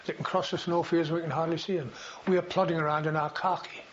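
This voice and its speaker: Speaking quickly in a level tone, the older veteran's fairly high voice drifts through recollections for an oral history interview, with many fillers and false starts. The audio is lo-fi and dull, with a faint hiss.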